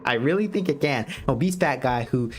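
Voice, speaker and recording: Blunt, animated American man lecturing. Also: medium pitch, fairly quick, soft background music. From United States. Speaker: streamer giving dating advice. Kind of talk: casual livestream monologue.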